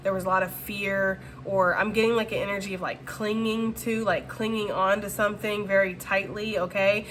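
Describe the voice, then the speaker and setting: A tarot reader gives a casual, chatty reading, speaking directly to her viewers and using many fillers. Her medium-pitched voice is fairly even and a bit bright, at a moderate pace with few pauses, over slight background noise.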